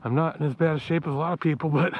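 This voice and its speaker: A man vlogging his hike talks very fast to the camera, breathless as he climbs a trail and chattering half to himself. His voice is a little high with a steady tone, though the audio sounds dull.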